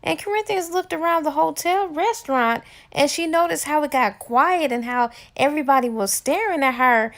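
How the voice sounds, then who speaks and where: A woman's voice: high-pitched, moderate pace, few pauses, fairly bright tone. A woman giving a casual book recap, chatty and full of fillers. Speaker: book reviewer.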